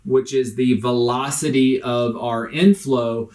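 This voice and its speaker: Man, medical lecturer, casual explanatory delivery, mid-range pitch. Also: fairly even intonation, slow, a little mellow. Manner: explanatory, casual, with frequent fillers. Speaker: critical care educator. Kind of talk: recorded medical lecture over slides.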